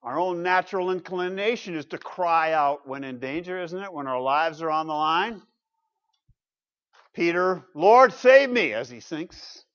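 A man's slightly high voice carries through a dull, muffled recording. He preaches as a pastor, emphatic and conversational, often turning to the congregation with quick asides. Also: a bit bright. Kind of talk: sermon.

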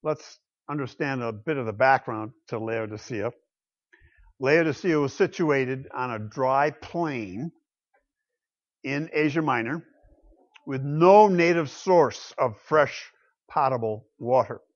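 A man preaching a sermon, swinging between loud declarations and quiet asides. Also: medium pitch, takes it slowly. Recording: dull lo-fi sound.

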